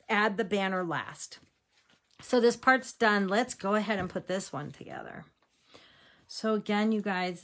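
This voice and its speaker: A woman's voice: medium pitch, fairly bright tone. Chatty, upbeat woman teaching a craft. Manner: chatty and upbeat, laughs at herself; talks to viewers while working with her hands. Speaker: crafting tutorial host. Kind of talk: casual how-to demonstration.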